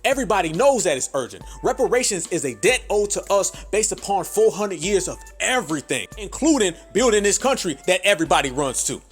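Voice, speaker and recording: A man's voice: high voice, big pitch swings, a little fast, few pauses, breathy edge, soft background music. A podcast host ranting hard and profanely, calling his listeners family as he drives each point home. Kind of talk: ranting commentary.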